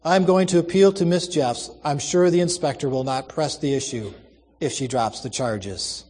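An earnest, compassionate young woman, voiced by a man in a storybook reading. She speaks urgently and persuasively, pitched higher than usual. A long echoing reverb surrounds the voice. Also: normal speed, a little mellow, natural voice.

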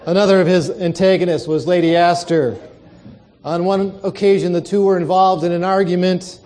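A man's voice: high-pitched, steady tone, normal speed, darkish tone. A male pastor preaching a sermon, telling stories and asking the congregation rhetorical questions.

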